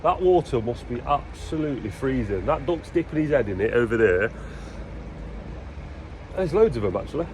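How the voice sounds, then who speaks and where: A man's voice: medium pitch, sing-song, normal speed, pauses often, a little hiss or hum. A man chatting casually to camera outdoors on a building site, often calling his viewers "guys". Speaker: vlogger and builder. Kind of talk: casual vlog talk to camera.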